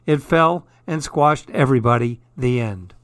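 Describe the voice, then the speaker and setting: A man reading comic, twisted fairy tales aloud in a deadpan, wry storytelling manner. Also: medium pitch, a little slow, no echo.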